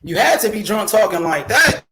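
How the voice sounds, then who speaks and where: Very high-voiced man talking trash. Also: very animated, brisk, breathy edge. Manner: loud, profane trash talk. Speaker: host. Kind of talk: casual boxing talk stream.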